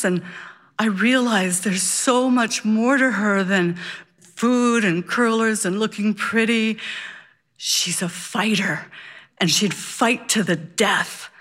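A woman's voice: medium pitch, slow. Woman telling a story on stage. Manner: vivid, animated, childlike wonder. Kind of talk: live personal storytelling.

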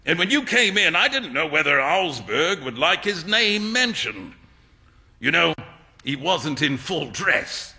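A man reading a story aloud and voicing a jovial upper-class painter who teases and laughs loudly. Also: very animated, unhurried, creaky, in a large hall, exaggerated voice. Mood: amused teasing. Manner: booming, mocking, bursts of laughter.

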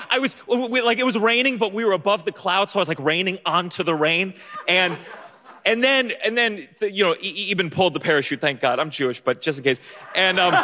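A young man telling a self-mocking story live on a theater stage, animated and jumping into loud outbursts. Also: high voice, moderate pace, pauses often. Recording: long hall reverb.

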